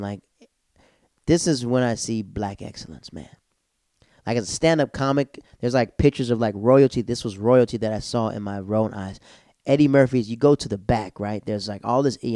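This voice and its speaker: A stand-up comedian telling a casual comic story, animated and jumping into loud, high-pitched voices when he quotes people. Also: no echo, clean studio sound.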